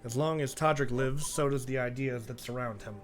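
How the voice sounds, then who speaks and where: A man's voice: mid-range voice, fairly even intonation, fairly quick, over music, lightly acted. A man voicing a stern, commanding young king who speaks formally and coldly threatens traitors. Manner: cold, threatening, formal speech.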